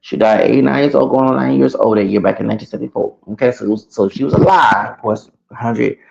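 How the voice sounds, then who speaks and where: A man with a gravelly, fry-heavy voice rants through a personal story, circling back and repeating himself. The sound is dull and lo-fi, and his level keeps jumping between loud bursts and low mutters. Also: quick pace. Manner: heated, rambling, repeats himself, swings loud and soft. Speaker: vlogger. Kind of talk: ranting personal story to camera.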